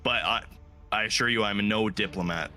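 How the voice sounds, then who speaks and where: A man playing a blunt goblin, bright voice. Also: lowish voice, normal speed. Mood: modest. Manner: blunt, gets straight to the point. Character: young male goblin, plain-spoken and modest.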